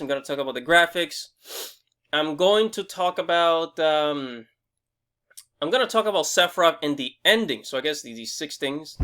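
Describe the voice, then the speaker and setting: A young man hosting a casual game review vlog, excitable and rambling, swearing freely and restarting his sentences often. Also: a little high. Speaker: gaming video host.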